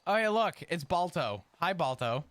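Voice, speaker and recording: Male streamer in roleplay, slightly high voice, sweary, rants and laughs. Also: sing-song, normal speed, fairly bright tone, no echo. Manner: profane, ranting, laughs often. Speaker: streamer role-playing his character. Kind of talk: in-character roleplay chat.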